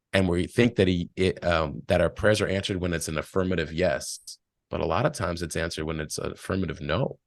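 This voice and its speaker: Deep-voiced man giving earnest advice. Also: dry recording, clean studio sound. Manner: earnest, rambling storyteller. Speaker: podcast guest. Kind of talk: casual spiritual advice chat.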